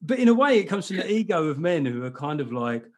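A man's voice: a little high, big pitch swings, fast, a little mellow. A man hosting a podcast, rambling in a profane, self-mocking way. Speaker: podcast host. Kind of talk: casual chat.

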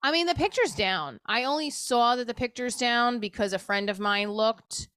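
Talking to camera, a show creator delivers a rambling personal monologue, candid and emotional, with casual swearing along the way. Her fairly high, expressive, slightly bright voice moves at a moderate pace, recorded dry and clean with studio quality.

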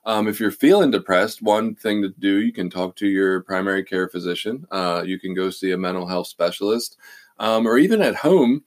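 A man with a fairly low voice speaks in an easygoing conversation. He explains ideas carefully and sometimes pauses on an "uh" while he thinks. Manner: thoughtful, explanatory, occasional "uh" fillers. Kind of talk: casual conversation.

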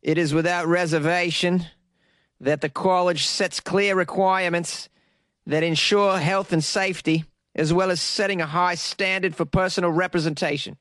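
A man's voice: sits high, fairly even intonation, normal speed, fairly bright tone, dry recording, pitched above the performer's own voice. A man voicing a stiff, hammy reading in a mock Australian accent.

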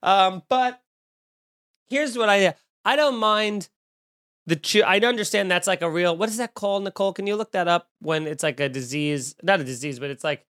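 A man's voice: high voice, moderate pace, clear, resonant tone. A man hosting a podcast, ranting with jokes and swearing in casual chat. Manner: animated, profane, joking rants. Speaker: podcast host. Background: eating and drinking at the mic.

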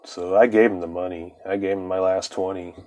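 A man's voice: sits low, little pitch movement, fairly quick, a little mellow. A man tells a long, swearing-laced personal story in loose, rambling fashion. He often chuckles mid-sentence, and his voice sometimes drifts away from the microphone. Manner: profane, rambling, laughs often.

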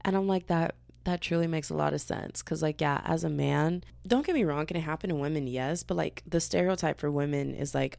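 A young woman in her twenties rants on her podcast in a low, gravelly voice with plenty of vocal fry. She rambles from story to story and keeps leaping up into high, mocking voices when quoting people. She sounds tired but wired, and the sound is dry and close. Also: brisk, hardly any pauses, no echo. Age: 20s. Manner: animated, rambling, jumps into high-pitched quoted voices. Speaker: podcast host. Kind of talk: casual ranting monologue.

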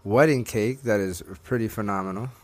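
A man in a casual podcast chat, relaxed and blunt, repeating himself as he talks. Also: fairly low pitch, brisk, slight background noise.

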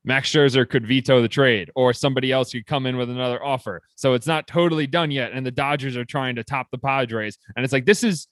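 A man co-hosting a casual sports chat, talking in an animated, excitable way. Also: dry recording. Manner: animated, excitable, rapid swings in pitch. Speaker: podcast co-host.

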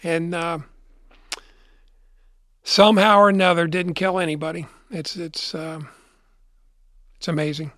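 A man's voice: a little high, little pitch movement, unhurried, pauses often, a bit bright, no room sound, clean studio sound. A middle-aged man telling a long story in a rambling way, repeating and restarting his words as an interview guest.

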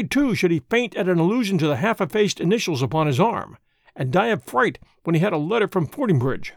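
An audiobook narrator gives an expressive, dramatic scripted reading of a classic story. His voice is lively, gravelly, and high-pitched, captured in clean studio sound with no room sound.

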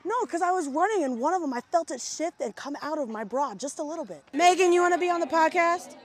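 A woman's voice: extremely high pitch, expressive, fast. A young woman hosting a podcast, chatting and teasing her way through casual interviews outdoors at band camp. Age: young adult. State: slightly out of breath. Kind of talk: casual chat, roving interviews.

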